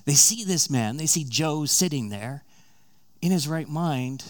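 A man's voice: fairly high pitch, expressive, measured pace. A man preaching a sermon, retelling a story in a casual, conversational way and acting out the characters' lines.

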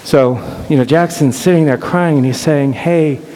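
A middle-aged man telling an emotional personal story earnestly, often halting and repeating words. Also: on the high side, mellow. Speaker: speaker sharing a personal story. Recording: reverberant hall with faint hiss.

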